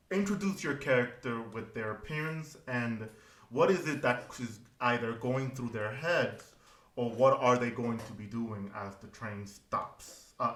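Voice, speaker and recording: A man narrates a tabletop game as game master, taking his time and pausing on fillers. His voice is bright and forward. The sound bounces in an echoey room. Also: medium pitch. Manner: unhurried, with fillers.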